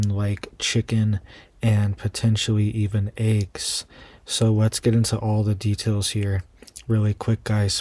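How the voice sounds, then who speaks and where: A man's voice: lowish voice, dark tone, dry recording. A man hosting an online news commentary channel, reading out quoted reports and adding casual asides to his viewers.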